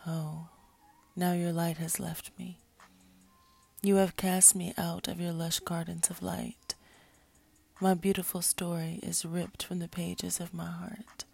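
A woman's voice: on the low side, level tone, slow pace, creaky, a little mellow, slightly rough, heavily acted. A woman voicing a raging fallen angel. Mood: bitter. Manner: growling, moaning, bursts into screams. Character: tormented male fallen angel, bitter and raging.

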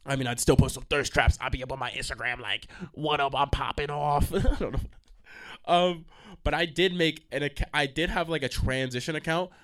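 A young man talks off the cuff in a college radio studio, profane and excitable, veering from one tangent to the next. His pitch sits in the middle for a man. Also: a little fast. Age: young adult. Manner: profane, excitable, jumps off track. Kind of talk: casual rambling monologue.

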